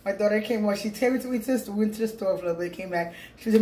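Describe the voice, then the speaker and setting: A middle-aged woman chats in a loose, rambling vlog style, talking to her viewers as "people." Her voice sits at an ordinary pitch for a woman. The room around her sounds echoey, with a faint hum behind it. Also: rapid-fire, dark tone. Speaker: vlogger. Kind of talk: casual mukbang vlog chat. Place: room at home. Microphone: phone with small clip-on mic.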